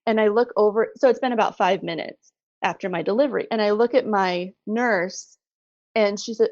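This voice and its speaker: A middle-aged woman telling her story as a podcast guest, animated and laughing often. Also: mid-range voice, moderate pace, no room sound, dull audio. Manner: animated retelling, laughs often, acts out quoted voices. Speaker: guest, bereaved mother. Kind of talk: conversational storytelling.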